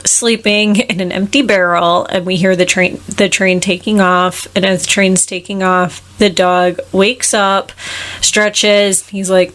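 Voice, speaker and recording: A woman co-hosting a podcast, retelling a film's plot in casual chat and dropping into quick quoted voices for the characters. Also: medium pitch, fairly even intonation. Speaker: podcast co-host. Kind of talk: casual film recap chat.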